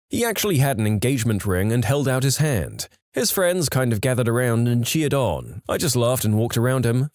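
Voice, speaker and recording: A man reading out a series of short anecdotes in a lively storytelling manner. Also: no room sound, clean studio sound. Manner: lively storytelling, varied pitch. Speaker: narrator. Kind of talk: reading stories aloud.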